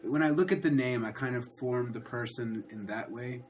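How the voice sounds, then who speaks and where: A man's voice: mid-range voice, moderate pace, darkish tone, a little hiss or hum. Hesitant male streamer, easygoing chat with a guest. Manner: hesitant, repeats words and restarts. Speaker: livestream host. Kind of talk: casual chat.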